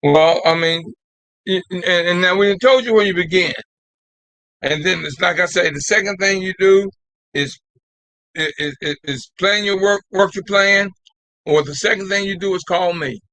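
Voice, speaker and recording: A man's voice: high-pitched, measured pace, pushed and bright, no room sound, poor audio. An older man hosting a live call-in talk show, exhorting his listeners in a repetitive, folksy way and calling them "y'all.".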